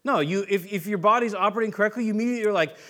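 A man preaching a sermon in a conversational way, acting out little everyday scenes with quick playful voices. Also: high-pitched, pushed and bright. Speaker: pastor. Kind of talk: sermon teaching.

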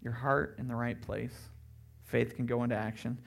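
A middle-aged man preaching a sermon as pastor, animated and lively, often breaking into loud mocking voices. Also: mid-range voice, normal speed, creaky.

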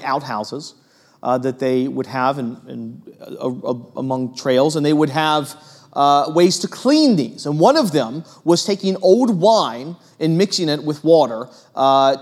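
A man preaching a sermon in an earnest way, moving between emphatic stretches and hushed ones, with frequent fillers. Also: on the high side. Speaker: pastor.

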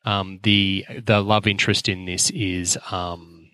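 A man with a lowish voice talks through a film in loose, rambling chat. He stops and restarts a lot and swears casually. The sound is dry and close. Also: flat delivery, slow pace, bright, forceful tone, smooth, dry recording. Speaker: podcast co-host.

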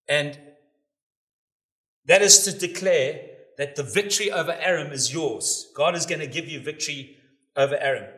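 Bright-voiced preacher in an echoey room. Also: male voice, a little high, moderate pace. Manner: emphatic, rising to loud declarations when quoting scripture. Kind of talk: sermon.

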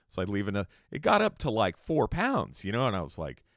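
A man's voice: fairly low pitch, wildly swooping pitch, a little fast, few pauses, a bit bright, no echo, studio quality. An American man telling a travel story in a loose, profane, rambling way, breaking off into rants. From United States. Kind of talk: casual storytelling.

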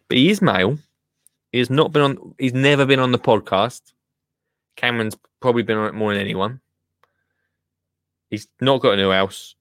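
A man hosts a casual livestream, chatting and laughing, often muttering to himself and trailing off as he works the computer. His voice is lowish and a bit bright. The audio is clean studio sound with no room echo.

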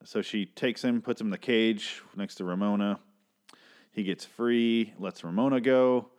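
Deep-voiced guy ranting through a tv recap, lots of swearing, kinda fed up. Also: measured pace, darkish tone. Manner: profane, exasperated, rambling. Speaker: TV recap host. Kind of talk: casual episode recap.

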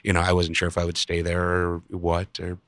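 A man in casual chat, pausing with fillers, then landing dry jokes. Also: sits low, monotone, fairly bright tone, no echo. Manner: hesitant fillers, dry wit.

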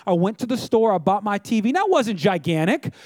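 Male pastor, middle-aged, very high voice, dry close sound; storytelling sermon delivered straight to the congregation. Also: sing-song, brisk, no room sound. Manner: chatty storytelling, addresses the audience directly. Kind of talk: conversational sermon.

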